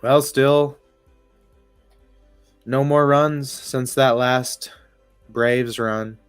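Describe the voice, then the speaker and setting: A man's voice: mid-range voice, steady tone, very slow, clear, resonant tone, dry recording, faint music behind. A man streaming casual live baseball commentary, rambling, swearing often and laughing as he talks. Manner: rambling, profane, laughs while talking. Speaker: sports streamer.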